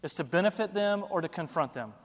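A man's voice: on the high side, lively intonation, fast talker, long reverb tail. A man preaching a sermon, building emphasis and asking rhetorical questions. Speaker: pastor.

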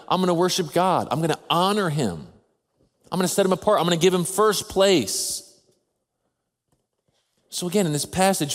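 Earnest preaching man in a reverberant hall. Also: fairly high pitch. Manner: earnest, measured preaching with slow emphatic pauses. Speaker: pastor. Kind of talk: sermon. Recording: long reverb of a large hall.

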